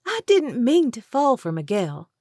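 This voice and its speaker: A squeaky, high young wife voiced by a woman, pleading and breathless as she begs. She talks loud and pressing in this audiobook scene, over a dry, close sound. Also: huge pitch swings, unhurried, dry recording, exaggerated voice. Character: frantic pleading young wife caught cheating. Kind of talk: audiobook character voice.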